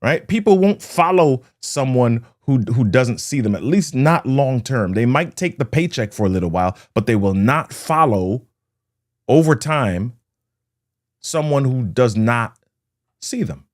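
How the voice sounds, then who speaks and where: A man's voice: mid-range voice, lively intonation, measured pace, darkish tone. A man hosting a motivational leadership talk who tells stories and acts out the scenes with sound words. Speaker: host of a leadership talk show.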